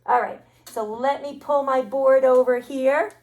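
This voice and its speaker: A woman librarian leading a children's story time, talking slowly and cheerfully to young children. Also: high voice, steady tone, darkish tone. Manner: slow, cheerful teacherly talk to young children. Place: library program room. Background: backing music of a children's song.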